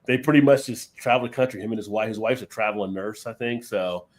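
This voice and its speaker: A man's voice: fairly low pitch, fast, background noise. A man in casual chat on a live stream, telling rambling beer-trip stories and laughing often. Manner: rambling anecdotes with frequent laughter.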